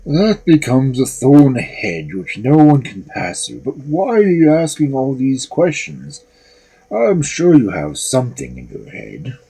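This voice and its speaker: A man voicing a huge, gruff, suspicious male ogre in a storybook reading. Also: mid-range voice, very animated, unhurried, dark tone, full character voice.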